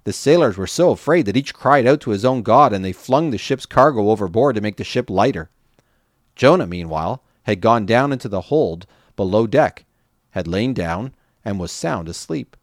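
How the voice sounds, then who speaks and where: Low-voiced man reading scripture. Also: expressive, normal speed, no room sound, clean studio sound. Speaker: scripture reader.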